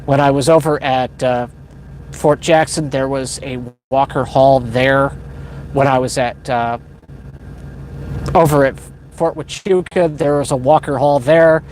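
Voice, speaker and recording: A livestream host tells a long story to his live chat in a casual, rambling way, often correcting himself and chuckling. He has a mid-range, steady voice that's unhurried and a little mellow, with slight background noise.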